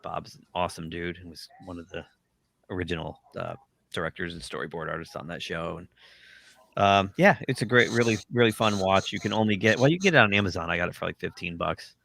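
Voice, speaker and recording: Man, stream host, low voice, bright tone, casual chat. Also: quick pace, vocal fry.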